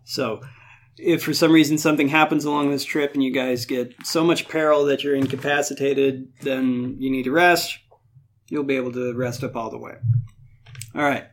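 A man running a tabletop game as game master, explaining rules with frequent fillers and quick laughs. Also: mid-range voice, fairly even intonation.

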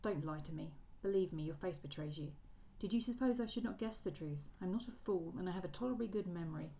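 A woman reading the lines of a cold, proud Regency gentleman, in a quiet, clipped delivery. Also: fairly low pitch, quick pace, gravelly, slight background noise, rough recording.

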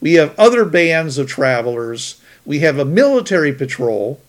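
Man, podcast co-host, somewhat high voice, loose casual chat, thinks aloud. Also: very animated, moderate pace.

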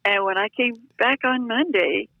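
A woman's voice: on the high side, moderate pace, no echo. Older woman, chatty storyteller, self-deprecating, muffled phone line, dry sound. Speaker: guest storyteller. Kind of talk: anecdotal storytelling.

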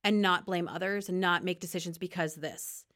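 A woman's voice: on the low side, steady tone, brisk, fairly bright tone. A woman guest on a faith talk show telling her personal testimony in an earnest, conversational way, often laughing and acting out quoted dialogue.

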